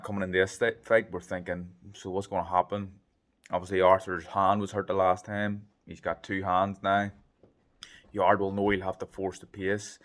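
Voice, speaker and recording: A man with a very low voice talks through a boxing fight in a casual vlog from a hotel room. He is chatty and thinks aloud as he goes, with plenty of ums along the way. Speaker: boxing pundit.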